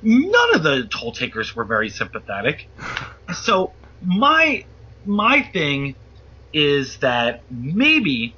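A man telling a wild story as a guest, animated and profane, acting out the voices of the people in it. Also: on the high side, slow, slightly rough. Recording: muffled lo-fi audio.

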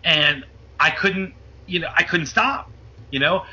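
High, tense husky man telling a story. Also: unhurried. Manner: animated, profane, acts out quoted voices. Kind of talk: animated casual storytelling. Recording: muffled lo-fi audio.

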